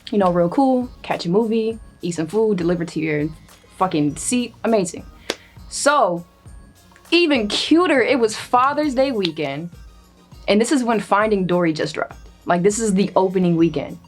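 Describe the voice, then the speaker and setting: A young woman spins a funny story with lively, expressive delivery, swearing as she goes and slipping into the voices of the people she quotes. Her pitch sits in a middle range, and faint music plays underneath. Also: moderate pace. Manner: animated, profane, acts out quoted voices. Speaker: storyteller guest. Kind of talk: casual comedic storytelling.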